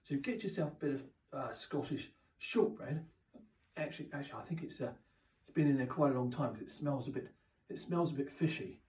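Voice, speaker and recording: A man doing a rambling, deadpan comic monologue, halting and full of restarts and asides. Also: mid-range voice. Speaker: comic character host. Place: chilly indoor room. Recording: roomy echo, mic at a distance.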